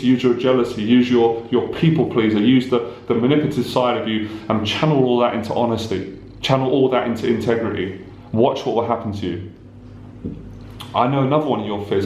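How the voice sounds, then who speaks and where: A man's voice: mid-range voice, darkish tone, echoey room, slight background noise, low-quality recording. A man, a life coach, giving an intense, repetitive motivational talk straight to the viewer, swearing at times. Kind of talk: direct-to-camera motivational talk.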